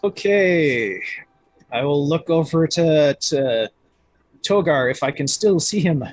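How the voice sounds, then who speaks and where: A man's voice: a little high, expressive, slow pace, faint music behind. A man taking part in a tabletop game as a player, chatting in a playful, jokey way. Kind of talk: casual tabletop game talk.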